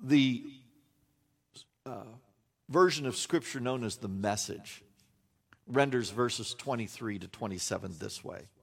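A man's voice: mid-range voice, a little slow, creaky, pauses often, breathy edge. A man preaching a sermon as a pastor, earnest and emphatic, with wry self-deprecating asides.

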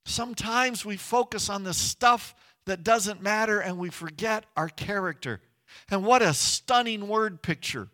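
Middle-aged guy preaching, fairly high voice, earnest and chatty, gets emphatic. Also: measured pace, pushed and bright. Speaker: pastor. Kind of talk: sermon.

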